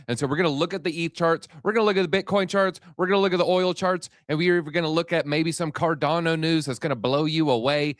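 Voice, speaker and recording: A man's voice: high-pitched, a bit bright, no room sound, studio quality. A man hosting a live crypto market show, hyped and a little out of breath, talking straight to his viewers. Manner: hyped, rapid-fire, addresses viewers directly. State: slightly out of breath. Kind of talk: energetic live-stream market commentary.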